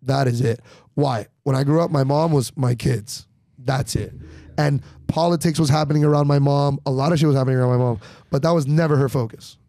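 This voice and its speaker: A man's voice: mid-range voice, a little fast, no echo. A man in his twenties, a comedian guest, chatting on a studio podcast and acting out other voices as he tells stories. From Miami, Florida. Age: 20s. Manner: animated storyteller, acts out voices. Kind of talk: casual podcast chat. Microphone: studio microphone.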